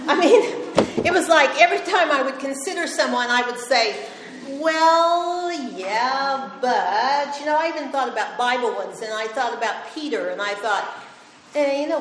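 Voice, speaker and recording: A woman's voice: fairly high pitch, slight background noise. An older woman teaching a women's Bible study in a chatty, storytelling way, acting out the voices she quotes. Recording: echoey hall, faint ambience.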